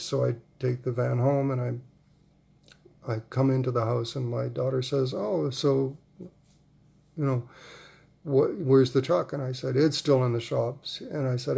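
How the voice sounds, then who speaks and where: A man in his forties tells a long, rambling family anecdote with easy amusement. His voice is gravelly and dark, and he breaks into laughter often as he talks. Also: medium pitch, steady tone, unhurried. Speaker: vlogger. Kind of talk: casual storytelling.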